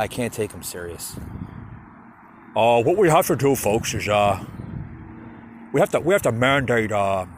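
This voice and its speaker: Solo podcast host, man, animated stammering rant, faint traffic noise behind. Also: medium pitch. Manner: rambling, stammering, ranting and mocking.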